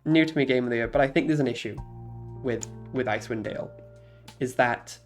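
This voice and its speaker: A man talks casually on a stream, rambling through his thoughts with plenty of fillers, restarts and frequent laughter. His pitch sits in a middle range, and faint music plays quietly behind him. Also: brisk. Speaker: streamer ranking games. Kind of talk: casual chat.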